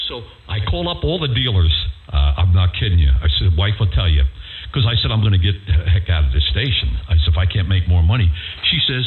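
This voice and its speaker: An older man spins stories in a lively, sing-song voice, swooping up and down as he acts out the people in his tales. He sounds like he's coming over an on-air ham radio link, thin and phone-like. A faint hiss sits under him. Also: mid-range voice. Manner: animated, folksy storyteller who acts out quoted voices. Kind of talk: casual storytelling chat. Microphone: radio transceiver microphone.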